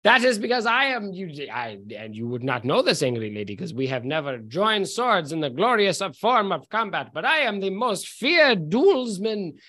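A man's voice: high voice, big pitch swings, moderate pace, hardly any pauses, sharp tone, exaggerated voice. A man doing a pompous drunk nobleman. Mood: boastful. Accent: put-on fancy accent. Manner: grandiose, indignant. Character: drunk pompous young nobleman, boastful swordsman.

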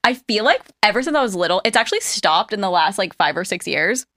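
Fast, bright-voiced chatty woman. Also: mid-range voice, sing-song. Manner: chatty, laughs often, uses lots of "like". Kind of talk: casual group chat.

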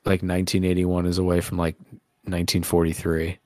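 A man's voice: low voice, monotone, brisk, warm tone, dry recording, clean studio sound. A man co-hosting a podcast, rambling and joking crudely in casual banter. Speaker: podcast co-host.

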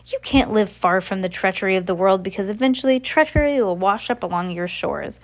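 A woman's voice: medium pitch, brisk, natural voice. An earnest, bookish teenage boy from a storybook, pleading his case, as a woman reads his lines. He makes his argument with a sincere, urgent push.

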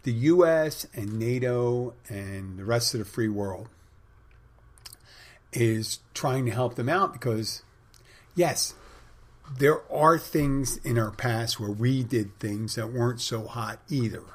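A man hosts his own podcast, telling stories in a loose, rambling way full of fillers. His voice sits on the low side and has a breathy, husky edge. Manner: rambling storyteller with many fillers. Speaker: podcast host; bartender and spin instructor. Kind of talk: casual monologue.

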